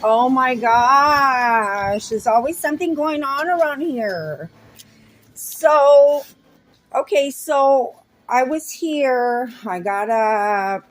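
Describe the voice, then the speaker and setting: A woman's voice: sits high, expressive, takes it slowly, darkish tone. A middle-aged woman rambling and venting in a casual, profane vlog. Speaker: vlogger.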